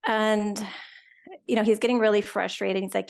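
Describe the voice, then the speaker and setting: A woman, a guest, retelling a personal story in a chatty, animated way with lots of quoted dialogue. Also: mid-range voice, moderate pace, gravelly. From Canada. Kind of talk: casual storytelling.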